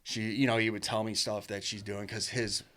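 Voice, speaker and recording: A man's voice: fairly low pitch, flat delivery, fairly quick, sharp tone. A man telling his life story as a podcast guest, blunt and profane, rambling with restarts and lots of "dude" and "like". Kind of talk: casual storytelling.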